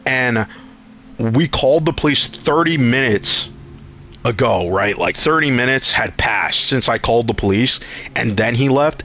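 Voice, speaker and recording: A man's voice: fairly low pitch, sharp tone, a little hiss or hum. A man streaming a game, telling a long rambling story with lots of swearing and acting out quotes in a raised voice. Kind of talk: casual storytelling while gaming.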